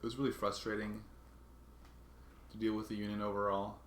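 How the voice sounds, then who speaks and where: A man vlogging casually, telling a story in a halting way and often restarting his words. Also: lowish voice, flat delivery, roomy sound, a little hiss or hum. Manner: halting, restarts and repeats words while recounting a grievance.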